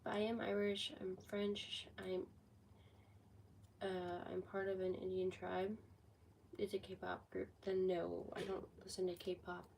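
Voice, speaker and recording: Hoarse sixteen-year-old girl rambling on a livestream. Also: medium pitch, completely flat delivery, a little slow, darkish tone, far from the mic, slight background noise, rough recording. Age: teens. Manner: rambling, heavy use of "like". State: sick with a cold, voice going hoarse. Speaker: livestreamer answering chat. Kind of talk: casual livestream chat.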